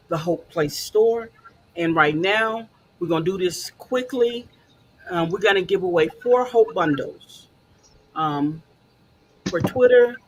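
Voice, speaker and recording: A woman's voice: medium pitch, a little hiss or hum. A woman hosting a casual talk show, encouraging and conversational, with frequent fillers.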